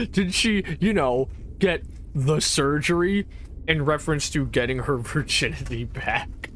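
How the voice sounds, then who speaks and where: A woman's voice: low-pitched, slow, slight background noise. Casual, swearing woman game streamer. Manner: rambling, profane, full of fillers and laughs; reacts aloud to gameplay and answers chat. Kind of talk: casual gameplay livestream chat.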